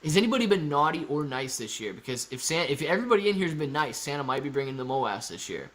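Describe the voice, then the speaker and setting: A man's voice: a little high, big pitch swings, quick pace, fairly bright tone. Playful man hosting a casual livestream. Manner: reads viewer comments aloud and answers them; playful and joking. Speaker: livestream host.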